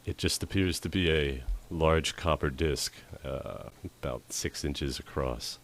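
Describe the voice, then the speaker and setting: A man running a tabletop game as dungeon master, chatty and quick with asides, often laughing. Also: extremely low pitch, vocal fry, a little hiss or hum. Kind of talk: narrating a tabletop game on a livestream.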